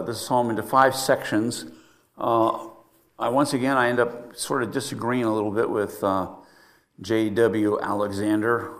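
A pastor teaching a Bible study in a relaxed, conversational way, pausing often with fillers and restarting sentences. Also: male voice, fairly low pitch.

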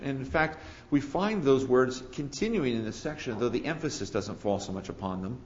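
A man preaching an expository sermon, rising on key words and then dropping low. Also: expressive, normal speed, highs cut off. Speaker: pastor.

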